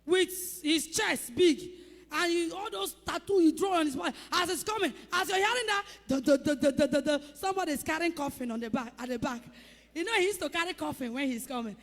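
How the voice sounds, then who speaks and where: A woman's voice: very high voice, brisk, fairly bright tone, in a large hall. A woman pastor preaching a sermon with emphatic calls, rhetorical questions to the congregation and acted-out sound effects.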